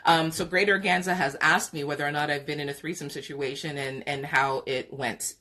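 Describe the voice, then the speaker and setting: A woman's voice: low voice, fairly even intonation, sharp tone. Frank, laughing woman podcast host. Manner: frank, laughing, drawn-out pauses. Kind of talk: candid storytelling on a live stream.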